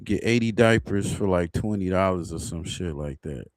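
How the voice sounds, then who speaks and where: A man's voice: low-pitched, moderate pace, dry recording, studio quality. A man hosting a livestream, commenting casually in a loose, rambling way and laughing at his own jokes. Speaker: livestream host.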